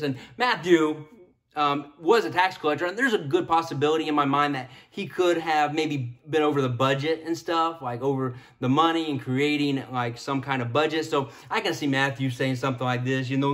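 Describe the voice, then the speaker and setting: A male pastor delivers a relaxed, conversational sermon, joking with his listeners and often restarting his sentences. His voice sits a little high for a man. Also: normal speed. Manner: chatty, joking, restarts a lot. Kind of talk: casual sermon.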